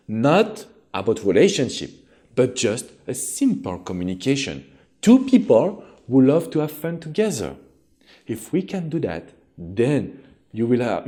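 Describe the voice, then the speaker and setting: Speaking with a French accent, a man coaches his viewers on relationships, addressing them directly in an earnest, encouraging way. His voice is medium-pitched and warm.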